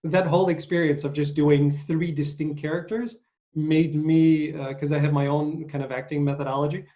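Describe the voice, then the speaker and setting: A man's voice: on the high side, little pitch movement, normal speed, warm tone. A middle-aged man hosting a podcast, rambling casually with lots of hesitant fillers. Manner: rambling, hesitant, many uhs. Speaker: podcast host. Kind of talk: casual interview chat. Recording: dull lo-fi audio.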